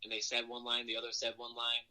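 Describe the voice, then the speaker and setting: Male wrestler guest, very bright tone, chatty storyteller who mimics the people in his stories. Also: medium pitch, fast, low-quality recording. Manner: lively storyteller who acts out quoted voices. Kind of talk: casual storytelling interview.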